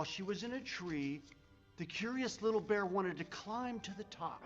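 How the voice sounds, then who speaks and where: A deadpan narrator reading a children's story slowly. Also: mid-range voice. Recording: lo-fi clip with music behind.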